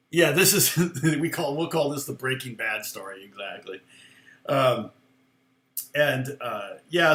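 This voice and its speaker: A middle-aged man tells a story in a loose, rambling way, chuckling often and restarting his sentences. His voice sits at an ordinary middle pitch. The room around him is echoey. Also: fairly bright tone. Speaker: guitar teacher on a live stream. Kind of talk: casual storytelling chat.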